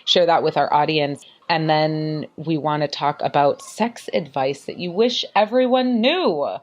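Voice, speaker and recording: A woman hosting a podcast interview, bubbly and exclamatory, her voice leaping up in pitch as she gets excited. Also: measured pace, muffled recording. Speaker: podcast host. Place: apartment in a city, children outside.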